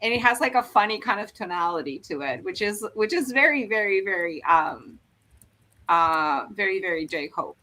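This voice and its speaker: Explaining Korean dialects on a casual live stream, this woman talks chattily, with frequent fillers and restarts. Her voice is mid-range, expressive, pushed and bright, at normal speed.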